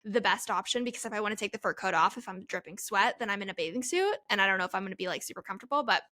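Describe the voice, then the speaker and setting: A woman's voice: medium pitch, lively intonation, very fast, pushed and bright. A woman in her twenties hosting a solo Q&A podcast, talking in a chatty, rambling way and laughing at herself. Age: 20s. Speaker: podcast host. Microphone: headphones, studio-style mic.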